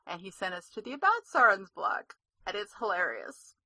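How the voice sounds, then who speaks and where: A woman's voice: medium pitch, big pitch swings, moderate pace, sharp tone. A woman co-hosting a gaming podcast, chatty and giggly, often trailing off mid-sentence. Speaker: podcast co-host. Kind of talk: casual chat.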